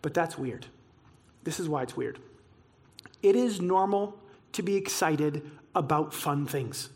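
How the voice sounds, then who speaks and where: A man preaching a sermon, telling stories with excitement and acting out the dialogue. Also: fairly high pitch, measured pace. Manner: excitable storytelling, acts out dialogue. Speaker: pastor.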